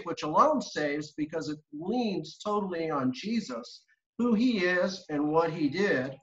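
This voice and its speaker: A man's voice: a little high, a bit bright. Fervent man preaching in an echoey room. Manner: fervent, building emphatic lists. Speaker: guest. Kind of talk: preaching commentary. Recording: echoey dull-sounding room.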